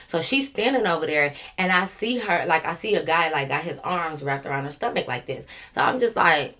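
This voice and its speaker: A young woman vlogger telling a casual storytime, animated and profane, acting out the quotes. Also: low-pitched, brisk, few pauses.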